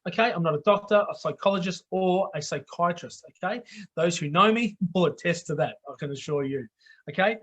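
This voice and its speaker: A man's voice: high voice, fairly quick, fairly bright tone. A middle-aged Australian man hosting a live online talk show in a blokey, down-to-earth way, often checking in with "okay?". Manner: blokey, repeats "okay?" for emphasis. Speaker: host.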